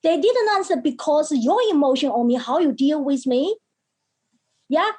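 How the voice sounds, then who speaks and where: A woman's voice: sits high, lively intonation, mellow, low-quality recording. Woman telling a story with emphatic quotes. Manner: emphatic, acts out quoted speech; halting phrasing with many fillers. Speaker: podcast guest, mental health educator. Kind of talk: personal storytelling in conversation.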